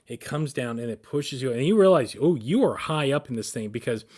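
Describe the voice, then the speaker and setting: A man co-hosting a podcast, telling a long story with excited, rambling energy and frequent restarts. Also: medium pitch, fairly quick. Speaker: podcast co-host.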